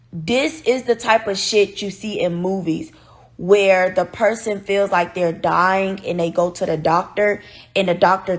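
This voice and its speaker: A woman telling her viewers a personal story, animated and blunt, swearing freely and sounding upset and near tears. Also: on the low side. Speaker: vlogger.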